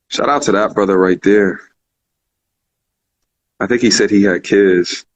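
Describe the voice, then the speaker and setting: Call-in show host, man, low voice, earnest and repetitive, muffled lo-fi sound. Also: fairly even intonation, unhurried, long pauses. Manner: earnest, repeats phrases, many fillers. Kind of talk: casual heartfelt talk. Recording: muffled lo-fi recording.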